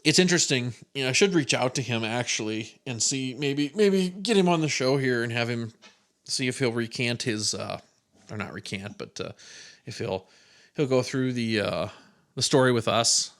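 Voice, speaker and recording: A man's voice: mid-range voice, normal speed, a bit bright. A man hosting a solo podcast, telling stories in a loose, rambling way with casual swearing. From American Midwest. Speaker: podcast host.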